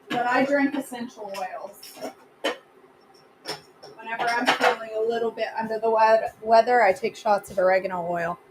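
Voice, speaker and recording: A woman's voice: a little high, noisy background. A woman hosting a live cooking class from her home kitchen, chatting casually and answering viewer comments as she cooks.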